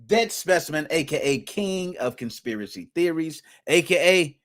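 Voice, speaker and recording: A man hosting a live gaming podcast, giving playful, hyped-up shout-outs to his chat with slang and rhymes. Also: fairly high pitch, animated, normal speed. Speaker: podcast host.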